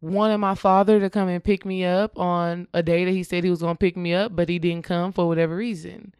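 A woman's lowish, clear, resonant voice moves briskly through a casual conversation in which she earnestly relates her own experience and coaches the listener, checking in often with "okay?" Quoted dialogue gets acted out in lively voices. Clean studio sound, no room sound.

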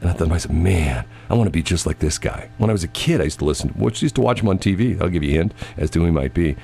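A man with a very low, gravelly voice chats on a morning radio show. He tells rambling stories, stammering and repeating words, and his pitch swings widely. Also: expressive, rapid-fire, darkish tone. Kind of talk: casual on-air chat. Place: radio studio.

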